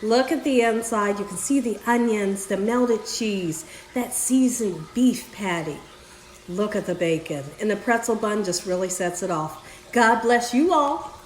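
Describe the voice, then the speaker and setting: A woman's voice: mid-range voice, unhurried. Exuberant woman cooking in an echoey kitchen. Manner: exuberant, talks straight to viewers with exclamations. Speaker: cooking show host. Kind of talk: home cooking demonstration. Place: home kitchen.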